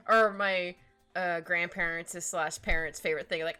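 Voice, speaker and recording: A woman's voice: on the low side, very animated, normal speed, pushed and bright. A young woman art streamer chatting casually and giggling while she draws. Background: faint background music.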